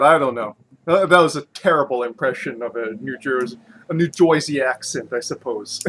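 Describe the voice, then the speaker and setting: Guy doing a laid-back beer review from home, kinda high voice, lots of ums and you knows. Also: a bit bright. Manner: chatty, self-mocking, many fillers and restarts. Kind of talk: casual rambling review.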